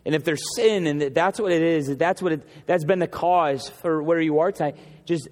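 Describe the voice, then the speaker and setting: A male pastor with a high-pitched voice delivers an impassioned sermon in a church sanctuary. He stacks repeated phrases and slows right down to land each point. The long reverb of the hall rings behind every phrase. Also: darkish tone. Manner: impassioned preaching with repetition, slowing for emphasis.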